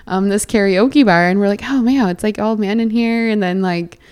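A woman's voice: mid-range voice, moderate pace, a little mellow, smooth. A young woman from Canada, a podcast guest, chatting casually and giggling often. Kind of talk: casual chat.

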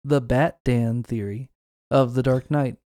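A man's voice: mid-range voice, steady tone, measured pace, dark tone, dry recording. A man co-hosting a podcast, casually explaining a film theory at length in a lecturing tone. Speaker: podcast co-host.

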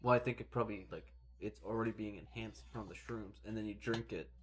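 Joking man tossing quick quips. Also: fairly low pitch, fairly even intonation. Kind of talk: casual chat.

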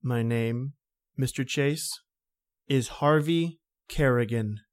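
An actor playing a suave, mysterious male villain in a radio drama, smooth and measured. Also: medium pitch, lightly acted. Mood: suave menace. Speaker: Harvey Kerrigan. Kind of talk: 1930s radio drama acting.

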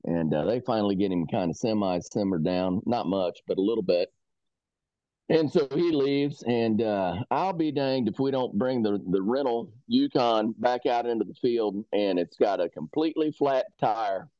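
A laid-back man on a podcast, unhurried as he winds through a story. His voice sits a little low. The audio is dry and a bit dull, with the top end rolled off. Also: expressive, dark tone, no echo. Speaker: podcast co-host. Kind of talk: casual storytelling chat.

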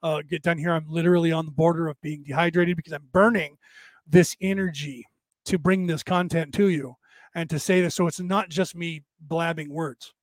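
An older man talks into a close, dry mic. His worn voice sits a little high for a man, and he rambles on with restarts and asides. He sounds tired after hours of talking. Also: fairly even intonation, normal speed, dry recording. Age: older, with graying hair. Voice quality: says his voice is damaged but penetrating. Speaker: podcast host. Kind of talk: casual monologue.

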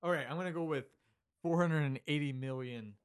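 A man's voice: a little high, a little fast, clear, resonant tone. A man on a casual podcast with friends, laughing a lot, swearing freely and bantering during a quiz. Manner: laughing, profane, playful banter. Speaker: podcast co-host. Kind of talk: casual chat among friends. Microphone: studio microphone.

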